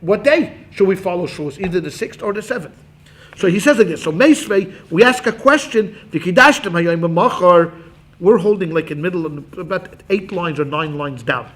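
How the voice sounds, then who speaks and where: High-voiced animated rabbi teaching. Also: male voice. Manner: animated, acts out quotes, quick asides to students. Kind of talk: Talmud class lecture.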